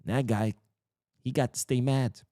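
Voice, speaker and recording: A man's voice: mid-range voice, fairly even intonation, normal speed, warm tone, no echo, clean studio sound. Blunt, profane man ranting. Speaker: football news host. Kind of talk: ranting commentary.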